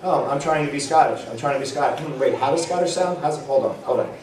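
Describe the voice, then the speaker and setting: A man's voice: mid-range voice, fast, darkish tone, close to an everyday voice. A man playing someone who fumbles for a Scottish accent and mutters while he searches for it, recorded in an echoey room from a distance. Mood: fumbling. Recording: echoey room, mic far off.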